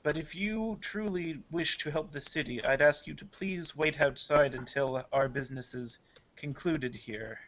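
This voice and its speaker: A man's voice: fairly high pitch, measured pace, fairly bright tone, slight background noise. A man voicing a stern, commanding female priestess leader, with dull lo-fi audio. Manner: firm, authoritative pleading.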